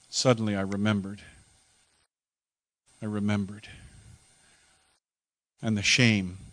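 A man preacher telling a story in first person as a dramatic monologue sermon, emotional and halting, repeating words when moved. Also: mid-range voice, bright, forceful tone, dry recording.

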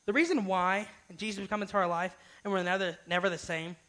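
A man's voice: high-pitched, fairly even intonation, fast talker, pushed and bright, rough recording. A young man giving a casual youth sermon, informal and often asking "right?". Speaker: youth speaker.

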